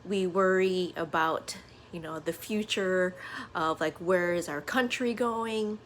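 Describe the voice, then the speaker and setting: A woman's voice: on the low side, takes it slowly. Earnest woman vlogger, faint background hum. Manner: earnest, conversational, many fillers like "uh" and "you know". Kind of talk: casual reflective monologue to camera.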